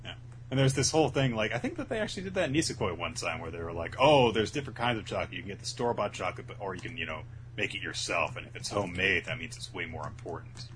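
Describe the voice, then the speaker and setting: Low-voiced man in casual chat. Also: animated, noisy background. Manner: laid-back, retelling scenes with quick voiced asides. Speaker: podcast co-host. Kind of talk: casual chat recapping a manga.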